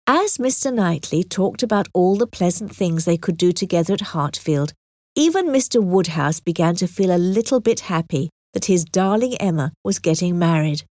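A woman narrating an audiobook with clear, expressive storytelling. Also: lowish voice, normal speed, no echo, clean studio sound.

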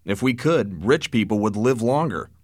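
A man's voice: on the low side, lively intonation, normal speed, no echo. A man voicing an earnest young man pleading with his father, in a dry-sounding storybook reading. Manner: earnest, plaintive.

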